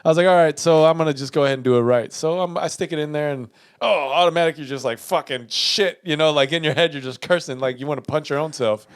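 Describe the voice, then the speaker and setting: A man's voice: a little high, fast, few pauses, smooth. A young man co-hosting a podcast, telling a story in casual, profane chat and acting out the dialogue. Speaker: podcast co-host.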